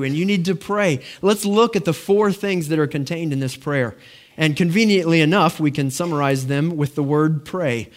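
A man preaching a sermon in an earnest, conversational way, often restarting his phrases. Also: fairly high pitch. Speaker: pastor.

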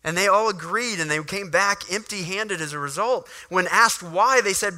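A male preacher delivers an animated sermon, reading verses and breaking into little acted moments. His voice is very bright and slightly high-pitched, with a lively, engaging delivery. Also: normal speed, hardly any pauses. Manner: animated, acts out scenes.

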